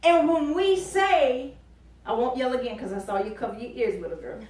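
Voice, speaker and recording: A woman preaching a lively sermon, emphatic and folksy, joking and dropping into quiet asides. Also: high-pitched, normal speed. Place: church sanctuary. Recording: echoey church from far off.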